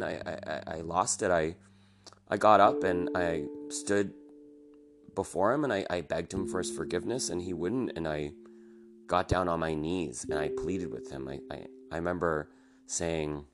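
A young man hosting a podcast, telling a personal story in a soft, halting way with many restarts. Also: low voice. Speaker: podcast host. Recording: guitar music playing behind the voice.

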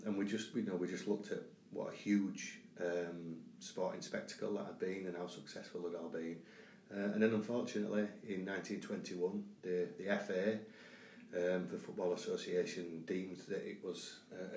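Yorkshire teacher, very low voice, hesitant, recorded off-mic with faint hum behind. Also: male voice, fairly even intonation, moderate pace, darkish tone, far from the mic. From Yorkshire, England. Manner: hesitant, many ums and restarts. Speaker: teacher guest. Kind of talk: casual podcast chat. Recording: roomy echo, off-mic, faint room hum.

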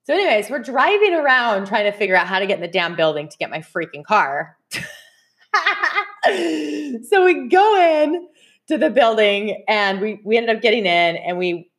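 A woman's voice: medium pitch, very animated, moderate pace. A woman hosting a podcast, chatting casually and telling stories straight to her listeners, often breaking into laughter. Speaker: podcast host. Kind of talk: casual chat.

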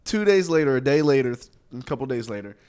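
A man's voice: medium pitch, quick pace, clean tone. A man co-hosting a casual podcast, telling a story with lots of laughter and acted-out voices. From Chicago. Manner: animated, laughs often, acts out voices in stories. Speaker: podcast co-host.

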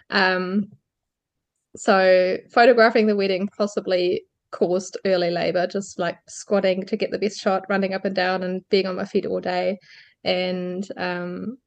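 A woman's voice: medium pitch, moderate pace. A woman guest on a podcast, candidly recounting her birth story and laughing lightly between phrases. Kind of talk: personal birth story in an interview.

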